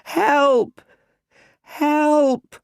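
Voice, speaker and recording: A man's voice: sing-song, normal speed, breathy edge, no room sound, clean studio sound, full character voice. A man voicing a frightened young boy who cries out in pain and panic in an audiobook. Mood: panicked. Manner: high shrieking cries for help. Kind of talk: audiobook character reading.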